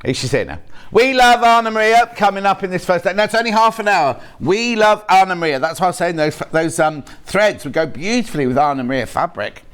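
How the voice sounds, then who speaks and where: A man's voice: high-pitched, expressive, brisk, fairly bright tone, smooth. A man hosting a live shopping channel show, chatting, joking with the crew and reading out viewer messages. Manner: chatty, jokey, reads viewer messages aloud. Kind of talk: live TV sales chat. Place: TV studio.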